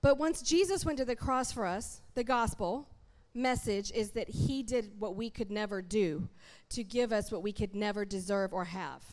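Animated woman preaching. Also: mid-range voice, normal speed, hardly any pauses. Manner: animated, conversational, addresses the congregation directly. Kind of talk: sermon.

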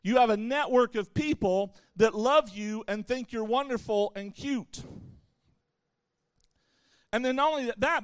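High-voiced man preaching to young people. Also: smooth, no echo. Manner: conversational preaching with playful asides to the audience. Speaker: youth pastor. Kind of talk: sermon.

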